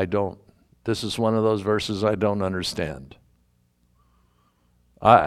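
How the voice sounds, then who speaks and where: A man's voice: on the low side, clear, resonant tone. A man teaching the Bible verse by verse in a conversational, musing way, openly admitting what he doesn't understand.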